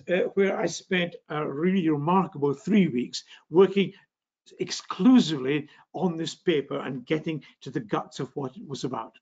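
A man's voice: fairly high pitch, vocal fry, darkish tone, husky, dull audio. An older man with a northeast Scottish accent giving a public science lecture, genial, with frequent fillers and restarts. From Scotland. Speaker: physics lecturer.

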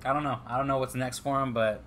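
A man's voice: mid-range voice, steady tone, fast, fairly bright tone, slight background noise. A man from California, a podcast co-host, talking in casual chat in a slangy, emphatic way, often tossing in "man". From Stockton, California. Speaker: podcast co-host, MMA betting picks.

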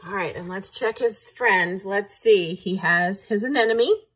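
A woman reading a picture book aloud to children, pausing to ask them questions. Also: medium pitch, fairly bright tone, slightly rough. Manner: engaging, asks the listeners questions.

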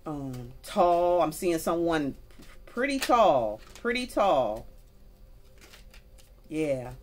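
Low-voiced woman giving a chatty tarot reading. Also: big pitch swings, drawn-out words. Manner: chatty, folksy, talks straight to viewers with y'all. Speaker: tarot reader. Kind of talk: casual spoken tarot reading. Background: faint music.

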